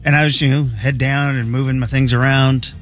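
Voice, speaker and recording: A man co-hosts a morning radio show and tells stories in an easygoing, chatty way. His voice sits at a middle pitch, and faint music plays behind the studio talk. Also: flat delivery, fairly quick. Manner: easygoing, storytelling. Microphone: studio microphone.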